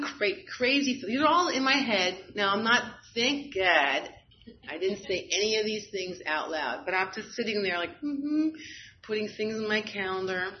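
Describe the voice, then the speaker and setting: A woman's voice: medium pitch, lively intonation, moderate pace, a little hiss or hum. A woman giving a candid, self-deprecating personal testimony at a recovery meeting, often laughing at herself. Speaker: speaker sharing at a recovery meeting. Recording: slightly dull, lo-fi recording.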